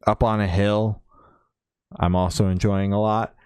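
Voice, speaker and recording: A man with a low, smooth voice co-hosts a music podcast in easy, casual chat. He swears freely and circles back with fillers and restarts. He sits close to the mic in a dead, dry space. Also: flat delivery, a little slow, a little mellow, no room sound. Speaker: podcast co-host.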